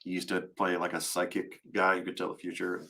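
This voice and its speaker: A man's voice: deep voice, monotone, a little fast, bright, forceful tone. A man, a voice actor, chatting casually and jokily while signing autographs on a live stream. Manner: jokey, playful, self-mocking. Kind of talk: casual livestream chat.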